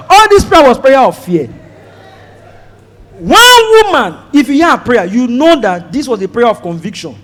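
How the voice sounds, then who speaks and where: A Nigerian man performing a stand-up comedy set, telling a story and acting out shouted prayers. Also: very high voice, big pitch swings, normal speed, a little hiss or hum. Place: comedy stage before a live audience. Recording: live show with crowd audible.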